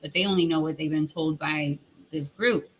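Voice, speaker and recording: A woman's voice: low voice, fairly even intonation, normal speed, muffled recording, a little hiss or hum. A woman hosting a commentary channel, retelling an online argument in a sarcastic, mocking tone and reading out comments. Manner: rambling with fillers and restarts.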